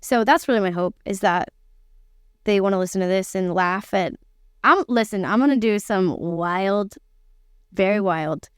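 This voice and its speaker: A woman hosting a podcast in casual, enthusiastic chat, talking in quick bursts. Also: mid-range voice, clear, resonant tone, no room sound, clean studio sound. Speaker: podcast host.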